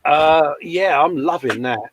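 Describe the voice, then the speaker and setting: A man's voice: fairly high pitch, takes it slowly, slight background noise. A man, hosting a casual model-building live show in a chatty, jokey way, often calling people mate. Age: 40s. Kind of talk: casual chat. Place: hobby workbench.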